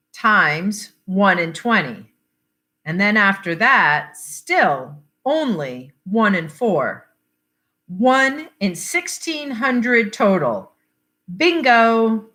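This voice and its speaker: Woman reading a grieving middle-aged dad, blunt, swears, wry, slow and lively in pitch. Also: exaggerated voice.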